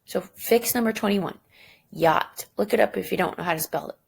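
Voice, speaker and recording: A woman's voice: mid-range voice, quick pace, creaky, a little mellow, husky. A woman teacher giving a recorded lesson, chatty and self-deprecating, thinking aloud as she goes.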